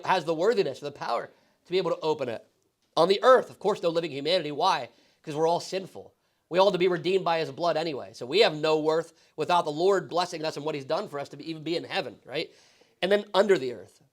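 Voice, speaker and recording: High-voiced pastor teaching casually. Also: male voice. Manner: casual, asks the class questions, frequent "right?". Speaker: pastor teaching Bible study. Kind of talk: conversational Bible teaching. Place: church classroom.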